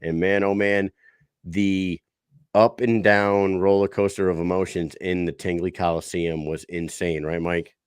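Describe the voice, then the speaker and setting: Low-voiced man, dry close sound. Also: level tone, measured pace, clear, resonant tone, dry recording. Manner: enthusiastic, swearing, retells with quotes. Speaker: podcast co-host. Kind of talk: casual chat.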